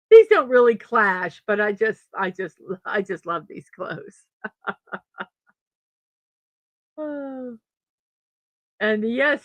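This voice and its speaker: A woman's voice: medium pitch, no room sound. A middle-aged woman hosting a daily morning show in a casual chat, reading birthdays and memes, laughing often and stumbling over names.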